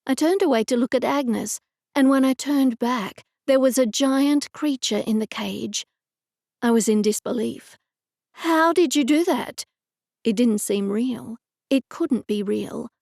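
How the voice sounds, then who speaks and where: A woman narrating a cozy mystery audiobook in a measured first-person storytelling manner. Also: fairly high pitch, steady tone, creaky, mellow, dry recording, clean studio sound.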